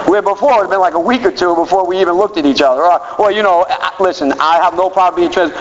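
A man's voice: high voice, expressive, quick pace, hardly any pauses, long reverb tail, highs cut off, a crowd in the background. A man in his fifties telling self-mocking, candid stories to an audience as he shares his recovery. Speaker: speaker sharing a recovery story. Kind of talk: comic storytelling talk to an audience.

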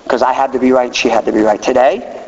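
A man in his fifties giving an animated, self-mocking personal talk as a recovery speaker. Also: mid-range voice, fast talker. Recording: distant hall, dull and noisy.

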